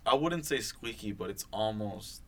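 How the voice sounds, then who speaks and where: With a little hiss or hum in the background, a young man co-hosting a podcast speaks at normal speed in a lowish, expressive, slightly bright voice. The chat is loose and wandering, peppered with swearing, filler words and false starts.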